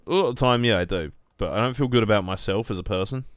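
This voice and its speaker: Low-voiced man rambling on stream. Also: quick pace, dry recording, studio quality. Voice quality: low monotone voice. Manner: rambling, jokey, reacting to chat. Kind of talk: casual gameplay stream chat.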